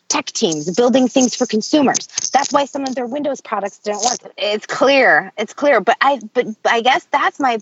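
A woman co-hosting a casual business talk, excited and emphatic, talking fast and swearing freely. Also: on the high side, creaky. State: excited, early morning. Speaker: podcast co-host. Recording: dull lo-fi audio.

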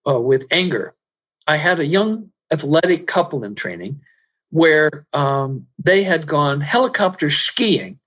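A man who works as a personal growth trainer, telling stories in an interview, animated and rising loud at the dramatic moments. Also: a little high, husky. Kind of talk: storytelling in an interview.

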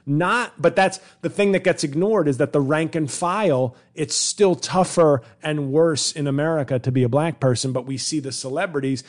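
A man's voice: on the high side, moderate pace. Rambling male comedian podcaster. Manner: rambling, self-interrupting, puts on mock voices for bits. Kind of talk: solo podcast monologue.

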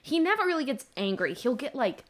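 A woman's voice: high-pitched, sing-song, fairly quick. Chatty young woman podcaster. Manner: chatty, many "like"s, laughs while retelling scenes. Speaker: podcast co-host. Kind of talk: casual book discussion.

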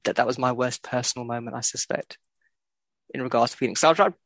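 Man with a gravelly voice, blunt and sweary co-host, dry close mic. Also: medium pitch, fairly bright tone, no echo. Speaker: podcast co-host. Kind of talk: casual football chat.

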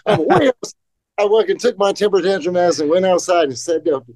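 A man's voice: high voice, fast, a little mellow, dry recording. A man telling skateboarding stories in a casual podcast interview, rambling and profane, acting out quotes. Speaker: guest, professional skateboarder.

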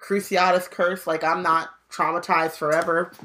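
A woman voicing a weary, shy teenage boy wizard, talking haltingly and trailing off. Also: lowish voice, flat delivery, noisy background, lightly acted.

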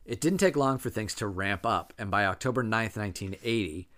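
A man's voice: on the low side, a little fast, a bit bright. Matter-of-fact man reading case notes. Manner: dry, matter-of-fact, chuckles often. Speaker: podcast co-host and narrator of the case.

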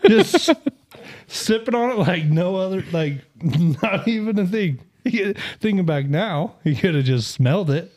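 A man's voice: sits high, unhurried. A man hosting a casual podcast, telling a story with bursts of laughter. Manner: animated, laughs through his stories. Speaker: podcast host.

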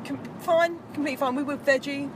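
A woman's voice: high voice, steady tone, fast talker, noisy background. A woman co-hosting a casual chat while riding in a car, telling stories in a chatty, giggly way. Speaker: podcast co-host. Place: inside a moving car.

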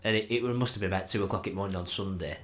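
Laid-back lad, low voice. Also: male voice, very fast. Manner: laughing anecdotes, says "were" for "was". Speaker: podcast co-host. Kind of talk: casual chat.

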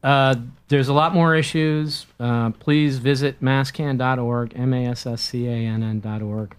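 A man's voice: medium pitch, steady tone, unhurried, clear, resonant tone. Blunt older man explaining plainly. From Massachusetts. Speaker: guest, cannabis business owner and teacher. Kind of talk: casual radio chat.

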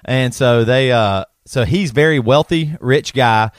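A man's voice: medium pitch, a little slow, no room sound. A man with a South Carolina accent hosts a casual podcast. He rambles, corrects himself mid-sentence, and laughs easily. His voice sits mid-range and is recorded dry and close. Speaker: podcast host.

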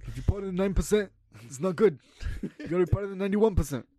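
A young man in his twenties chatting casually, cracking crude jokes with quick banter. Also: high voice, lively intonation, warm tone, no room sound. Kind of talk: casual chat.

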